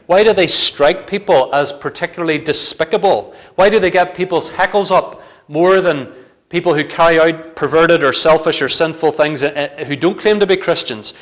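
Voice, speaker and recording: A man's voice: a little high, a bit bright. A man preaching a sermon in a church, earnest and building to fervent emphasis.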